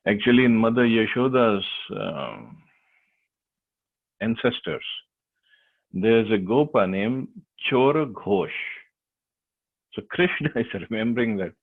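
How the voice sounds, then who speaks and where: A man teaching a devotional class, retelling a sacred story with hesitant, lively storytelling, over a tinny phone-like line. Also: medium pitch, a little slow, long pauses.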